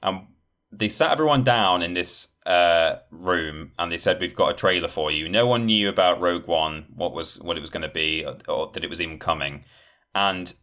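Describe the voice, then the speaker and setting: A man co-hosting a casual podcast, retelling things in a rambling, animated way and acting out quotes. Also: deep voice. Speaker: podcast co-host. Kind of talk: casual chat.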